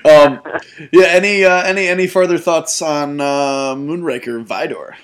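A young man co-hosting a casual podcast about movies, laughing often and getting animated. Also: fairly high pitch, moderate pace, clean tone. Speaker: podcast co-host.

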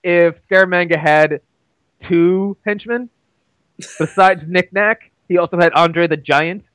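A man's voice: high voice, a little slow, noisy background. A young man co-hosting a movie podcast, cracking dry jokes with frequent stammered restarts. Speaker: podcast co-host. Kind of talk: casual movie chat.

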